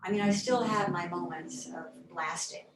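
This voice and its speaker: A woman reflecting in a thoughtful, halting conversational way, sometimes dropping to soft near-whispers. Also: on the low side. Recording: echoey room, mic at a distance, faint noise.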